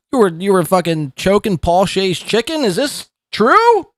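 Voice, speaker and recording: A man's voice: high voice, big pitch swings, unhurried, dry recording, studio quality. A male podcast host giving mocking commentary, sarcastic and laughing at what he reacts to.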